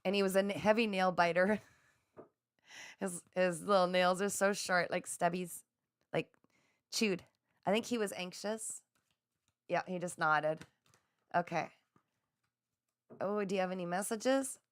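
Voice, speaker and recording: A woman hosting a live spiritual chat, speaking in a gentle, affirming and soothing way as she reads out viewer comments. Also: fairly low pitch, a little slow, pauses often, smooth, no room sound. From Canada. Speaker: psychic livestream host.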